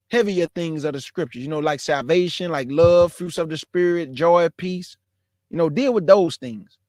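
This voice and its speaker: A man's voice: high voice, dry recording, studio quality. A man in his forties giving a casual, emphatic preaching talk as a caller in an online religious discussion, calling his listeners bro and y'all. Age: 40s.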